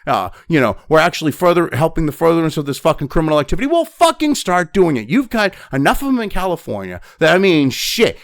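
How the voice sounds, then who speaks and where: An angry male commentator reads the news and reacts with a profane political rant, swearing constantly and swinging between flat reading and loud outbursts. His voice is fairly high-pitched, and the recording is clean studio sound with no echo.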